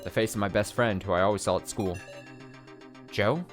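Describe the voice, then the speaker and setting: A man's voice: on the low side, moderate pace, faint music behind, close to an everyday voice. A man voicing a dazed, guilt-ridden young woman from a game, narrating her thoughts in a subdued, inward way.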